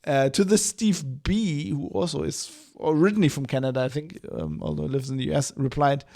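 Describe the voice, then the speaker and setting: A man's voice: a little high, expressive, fairly quick, vocal fry, a little mellow. A man hosting a podcast, giving casual solo commentary in a rambling, hesitant way with many restarts. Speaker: podcast host.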